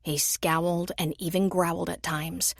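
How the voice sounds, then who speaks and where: A woman narrating a romance audiobook in an even, measured storytelling voice. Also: on the low side, creaky, no echo. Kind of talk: scripted narration.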